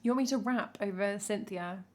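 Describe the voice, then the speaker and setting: This young woman from England, a singer-songwriter, reacts to a music video on her live stream in a mid-range voice at a moderate pace. Her tone is casual and wry, with plenty of joking asides thrown in.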